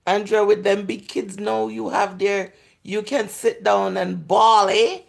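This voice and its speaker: A woman in her forties with a Jamaican accent hosts a casual livestream and reads out viewer comments. Her voice carries a heavy gravelly fry throughout, and she talks candidly, drifting into patois as she goes. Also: medium pitch, fairly even intonation, measured pace. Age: 40s. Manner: chatty and candid, slipping into patois. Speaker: livestream host. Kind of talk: casual live chat answering viewer comments.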